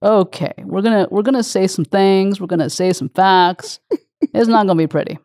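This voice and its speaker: Emotional woman host, affirming, dark mellow voice. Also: mid-range voice, normal speed, dry recording, studio quality. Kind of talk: interview conversation.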